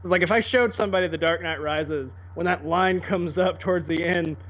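A man co-hosting a podcast in casual chat, animated and quick to laugh and put on voices. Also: fairly high pitch. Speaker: podcast co-host. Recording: dull lo-fi audio.

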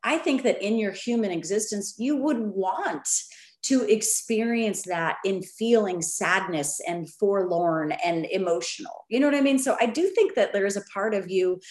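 A woman in a casual heartfelt chat, thoughtful and gently offering another view. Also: mid-range voice, lively intonation, normal speed. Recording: roomy echo.

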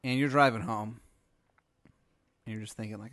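A man hosting a podcast, improvising an absurd story in a rambling, deadpan way. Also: lowish voice, moderate pace, no echo. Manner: rambling, deadpan, many fillers and restarts. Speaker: podcast host.

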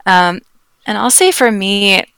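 Calm female guest, bright and smooth, slight vocal fry, talks gently. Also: medium pitch, dry recording. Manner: calm and gentle, thoughtful pauses. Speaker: yoga teacher and author, podcast guest. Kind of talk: casual interview chat.

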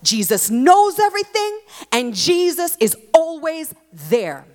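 A woman preaching a sermon, expressive and emphatic, leaning into repeated phrases. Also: sits high, takes it slowly. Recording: long hall reverb.

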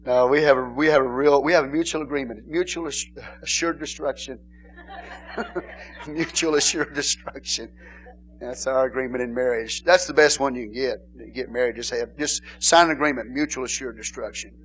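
A male pastor preaching an informal sermon in a church, bantering and laughing with the congregation and rising to shouted emphasis. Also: mid-range voice, normal speed, slight background noise. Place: church sanctuary.

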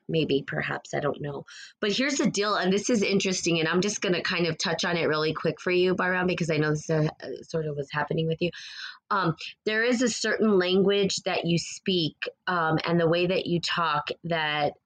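A woman's voice: on the low side, brisk. A woman with a New Mexico accent hosting a livestream, moving between an earnest spiritual speech and casual replies to viewers' comments. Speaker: livestream host.

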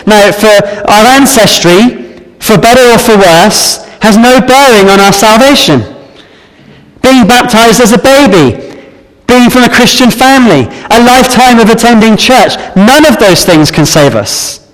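Male preacher, earnest and measured, high-pitched, echoing church hall. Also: expressive. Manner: earnest, measured Bible exposition with some restarts. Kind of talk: sermon. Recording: reverberant hall.

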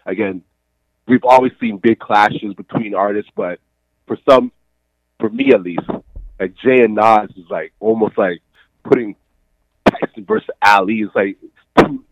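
A laid-back man with a lowish voice chatting on a podcast, often trailing off softly. The recording is dull and lo-fi, with a dry, close sound. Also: a little slow, pauses often, no echo. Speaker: podcast co-host. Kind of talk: casual chat.

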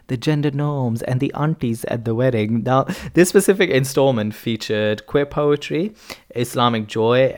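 A man hosts his own podcast in a loose, chatty way. He gushes with enthusiasm, stops to fix his own words, and keeps his pitch in a middle range. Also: fairly bright tone. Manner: enthusiastic, chatty, self-correcting. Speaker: podcast host. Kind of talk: casual solo podcast recommendations.

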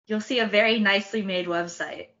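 A woman co-hosting a podcast in casual chat, dry and quick to laugh. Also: mid-range voice, steady tone, a bit bright, highs cut off. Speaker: podcast co-host.

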